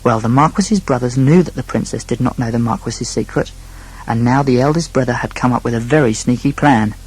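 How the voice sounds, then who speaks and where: Husky man telling a children's story. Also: mid-range voice, fairly quick, rough recording. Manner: gentle, addresses the young listener. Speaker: narrator. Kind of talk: scripted storybook narration.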